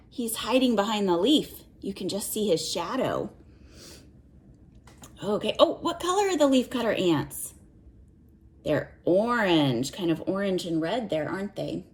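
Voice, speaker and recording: A woman reading a picture book aloud to children, stopping to ask questions and count along with them. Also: mid-range voice. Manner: animated, asks the listener questions and counts along.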